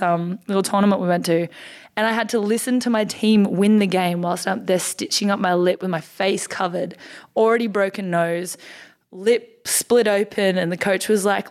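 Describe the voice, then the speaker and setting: A young Australian woman in her twenties, a basketball player chatting as a podcast guest, telling stories in an upbeat way with lots of "like" and "um". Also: mid-range voice. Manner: chatty, upbeat storyteller with frequent "like" and "um". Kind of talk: casual interview chat.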